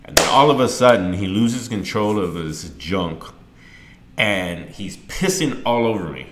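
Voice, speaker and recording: Middle-aged guy hosting a podcast, lowish voice with a bright edge, tells personal stories earnestly, gets loud and animated. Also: unhurried, a little hiss or hum. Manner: earnest and emotional, gets loud and animated when telling a story. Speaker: podcast host. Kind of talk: candid personal storytelling.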